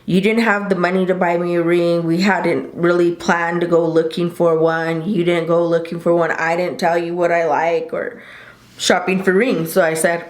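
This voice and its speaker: A woman's voice: lowish voice, flat delivery, moderate pace. A woman in her thirties telling a rambling, chatty story to the camera, often correcting herself. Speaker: vlogger. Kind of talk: casual storytime chat. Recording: roomy home recording.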